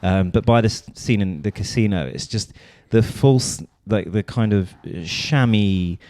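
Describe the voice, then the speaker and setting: Podcast co-host, male, low dark voice, dry close mic, loose rambling delivery. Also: measured pace, no echo. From London. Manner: rambling, filler-heavy, with restarts. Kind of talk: casual film discussion.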